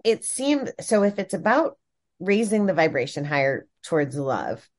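A woman's voice: on the low side, sing-song, moderate pace, darkish tone. A woman hosting a casual chat, thoughtfully working her way through a question.

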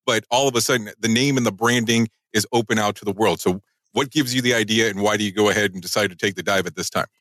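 Fast-talking, bright-voiced male host. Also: on the low side, no room sound. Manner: wordy, joking questions, laughs often. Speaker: podcast host interviewer. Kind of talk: casual interview conversation.

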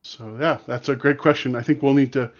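A man hosting a casual podcast reads out listener questions, chatty and full of small fillers. His voice sits at a middle pitch, and the recording sounds a little dull and lo-fi. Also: fairly even intonation, fairly quick. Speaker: podcast host. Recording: slightly dull lo-fi audio.

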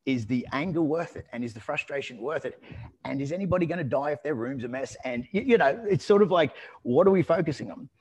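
A man telling a story in a relaxed conversational way, rambling with restarts and fillers. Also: fairly high pitch, fast, slightly rough. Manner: lively and amused when telling anecdotes.

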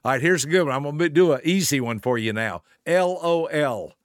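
An older man hosting a motivational podcast, telling stories in an animated way, laughing at his own anecdotes and spelling out acronyms slowly. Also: a little high, no room sound, clean studio sound. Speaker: podcast host and speaker. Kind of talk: motivational talk with storytelling.

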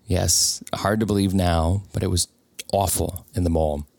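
In a fairly low, gravelly, slightly mellow voice, a man earnestly reflects on a personal story, voicing its characters in his own plain tone. He's a little slow with fairly even intonation, and the sound is dry and close with no room sound.

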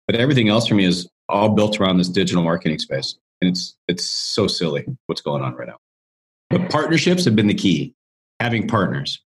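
A man's voice: sits low, sing-song, fairly quick. A man being interviewed as a business coach, telling a story in a rambling, chatty way full of restarts. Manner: rambling, chatty, with many restarts and "you know".

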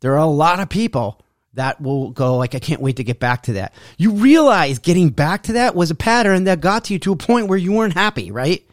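A man's voice: a little high, big pitch swings, fairly quick, dry recording, clean studio sound. A man coaching on fitness in a blunt, preachy monologue that mocks people's excuses. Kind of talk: motivational monologue.

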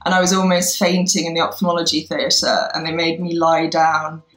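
A woman, a doctor, telling a lively anecdote in casual chat, laughing and acting out the voices of the people in it. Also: low-pitched. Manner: quick, laughing, acts out quoted voices. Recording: echoey room.

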